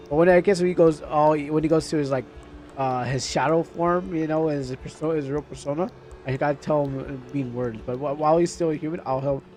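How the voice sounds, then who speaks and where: A man streaming a horror game, chatting casually between dialogue lines. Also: on the high side. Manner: chatty, laughing, animated. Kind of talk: casual let's-play commentary.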